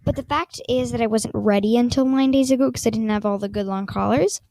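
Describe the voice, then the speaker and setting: Excitable high-voiced woman gamer, dry close mic at home. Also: brisk, vocal fry, no echo. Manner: excitable, shrieks and gasps, rambling. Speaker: gaming vlogger. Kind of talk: casual gameplay commentary. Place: at home at night. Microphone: microphone on a stand.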